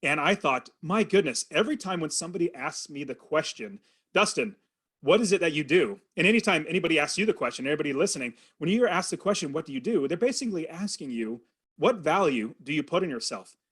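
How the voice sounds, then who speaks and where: Man, forties, podcast guest, earnest animated storytelling, slightly high voice. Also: fast talker, breathy edge. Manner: earnest, animated storytelling with quoted inner thoughts. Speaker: podcast guest, real estate investor. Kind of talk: storytelling in an interview.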